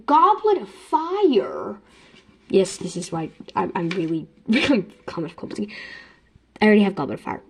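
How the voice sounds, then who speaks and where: A woman's voice: on the low side, fairly quick, darkish tone, a little hiss or hum. A young woman vlogger chatting casually about books. She rambles with self-deprecating jokes. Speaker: book vlogger. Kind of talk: casual chat.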